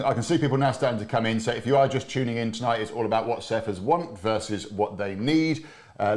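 An upbeat man co-hosts a live stream, talking casually into a lapel mic. His voice sits fairly low, and he is chatty, often circling back to repeat himself. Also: a little mellow. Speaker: livestream co-host.

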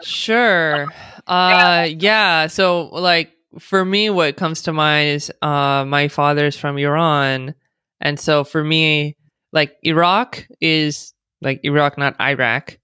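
A woman's voice: sits low, steady tone, slow, pushed and bright, smooth, dry recording, clean studio sound. An American woman speaking as a podcast guest, chatty and sarcastic, often laughing as she talks. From United States. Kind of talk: casual podcast interview.

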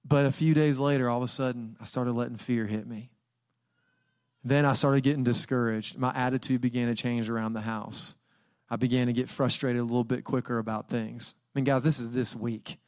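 A young adult man preaching a guest sermon in a church, telling personal stories in a casual, conversational way and now and then bursting into loud, dramatic outcries. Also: medium pitch, fairly even intonation, fairly quick, clear, resonant tone, no echo, clean studio sound. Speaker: guest pastor. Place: church auditorium.

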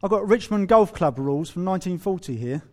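A man preaching a sermon in a humorous, animated way, acting out quoted voices. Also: high-pitched, brisk. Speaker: pastor.

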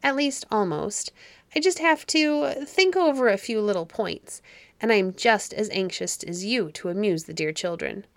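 Polite thoughtful male bird, gentle, yielding, voiced by a woman. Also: medium pitch, animated, normal speed, dry recording, lightly acted. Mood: gracious.

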